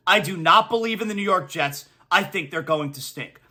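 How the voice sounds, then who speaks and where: A man's voice: on the high side, lively intonation, normal speed, pushed and bright. A man hosting a sports talk show, ranting emphatically and repeating his punchlines for effect. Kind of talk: opinionated sports talk monologue.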